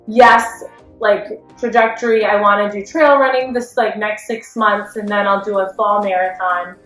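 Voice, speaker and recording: A woman's voice: mid-range voice, fairly even intonation, normal speed, a bit bright. A woman in her thirties, a running coach, talking candidly and heartfelt in a rambling way with lots of fillers. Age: 30s. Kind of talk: candid personal vlog. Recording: echoey room, faint music.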